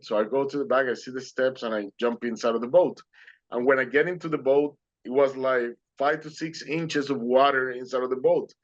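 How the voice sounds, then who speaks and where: A man recounts his own story in an earnest, emotional way, choosing plain, simple words. His voice sits at an ordinary middle pitch. The recording is slightly dull and lo-fi. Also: fairly quick. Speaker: guest speaker sharing his near-death story. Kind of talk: heartfelt personal storytelling.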